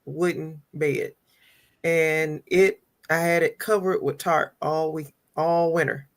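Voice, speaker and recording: A woman telling a garden story in a slow, unhurried way, with frequent pauses. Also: low voice, steady tone. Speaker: panel guest. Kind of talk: casual chat.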